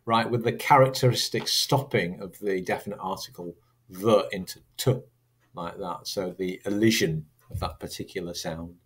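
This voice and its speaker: Husky-voiced man teaching. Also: low-pitched, steady tone, normal speed, few pauses, a bit bright. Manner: chatty, asks rhetorical questions, acts out sample accents. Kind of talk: recorded lesson.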